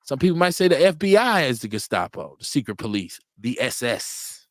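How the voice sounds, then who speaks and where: A man hosts a casual political stream. He is animated, laughs often and swears freely, and his pitch leaps up whenever he quotes someone. His voice sounds dry and close to the mic. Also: fairly quick, no room sound. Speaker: livestream radio show host. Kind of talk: casual political talk reading chat comments.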